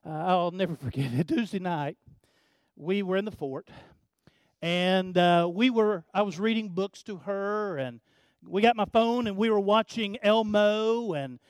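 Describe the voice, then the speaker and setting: An older man preaching a sermon, telling a family story in a folksy way, often repeating words and swinging from hushed to loud. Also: high voice, a little slow, dry recording, studio quality. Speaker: pastor.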